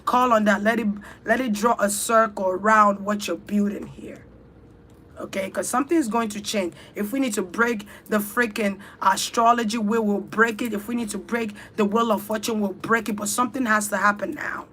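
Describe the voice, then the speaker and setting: A woman's voice: medium pitch, fairly even intonation, normal speed, fairly bright tone, slight background noise. A woman leading a spiritual ritual talk, urging listeners on in fervent, repetitive, chant-like phrases. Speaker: spiritual speaker.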